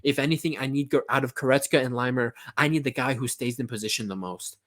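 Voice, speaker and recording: A man's voice: mid-range voice, fast, a bit bright. A man delivering an impassioned mock locker-room pep talk. He pleads and swears, pressing each point with urgency. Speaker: football fan vlogger.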